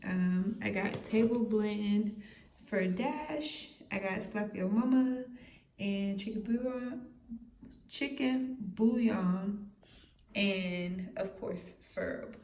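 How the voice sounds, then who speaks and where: A woman's voice: medium pitch, gravelly, darkish tone. A woman, chatting casually with lots of fillers as she vlogs her errands. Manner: chatty, loose and conversational with many fillers. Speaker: vlogger. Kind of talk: casual vlog chat. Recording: noisy background.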